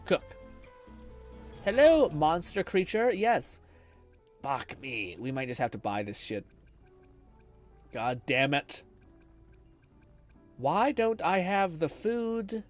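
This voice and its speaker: Lively, foul-mouthed man streaming a game. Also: medium pitch, takes it slowly, pauses often, faint music behind. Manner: loose, swears often, laughs a lot. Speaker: gaming streamer. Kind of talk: casual live-stream commentary.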